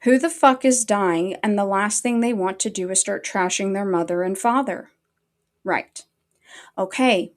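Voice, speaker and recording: Brief: woman streamer, heated and profane rant, mid-pitched voice. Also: unhurried. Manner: angry, heavily profane. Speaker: livestreamer. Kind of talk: livestream rant.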